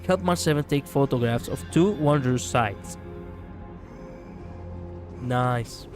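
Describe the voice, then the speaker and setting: Soft background music plays as a Greek man on a gameplay stream reads the game's lines slowly in a slightly mellow, mid-range voice. He's playful, laughing and joking between read-out lines.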